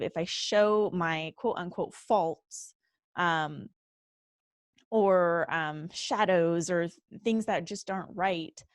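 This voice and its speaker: Young female interviewer, low-pitched, slow and measured, dry close recording. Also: no echo. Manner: thoughtful, measured questioning. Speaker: host.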